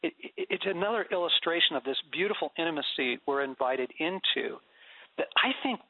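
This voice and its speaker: A middle-aged man with a raised, gravelly, husky voice tells stories about prayer, laughing as he goes. He sounds dry and thin, as if heard over a phone line on the radio. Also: a little high, a little fast, no echo. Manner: animated storyteller, laughs often. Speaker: guest author on prayer. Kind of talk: conversational faith interview.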